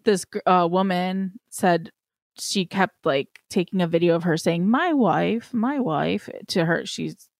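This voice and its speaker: A woman's voice: on the low side, level tone, measured pace, no echo, clean studio sound. A woman co-hosting a podcast, telling stories casually with many fillers. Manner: laid-back, filler-heavy storytelling. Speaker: podcast co-host. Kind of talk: casual chat.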